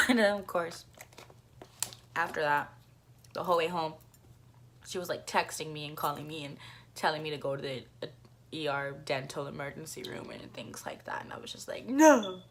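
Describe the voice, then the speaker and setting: A woman's voice: deep voice, steady tone, moderate pace, vocal fry, pauses often, fairly bright tone. A young woman telling a casual storytime vlog, chatty, swearing freely and acting out the voices of the people in her story. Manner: chatty, swears a lot, acts out voices in quotes. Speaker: vlogger.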